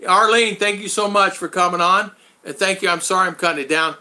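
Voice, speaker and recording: A man hosting a casual live stream, rambling and thanking his viewers one by one, his voice going hoarse after hours of talking. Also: sits high, a little fast, pushed and bright.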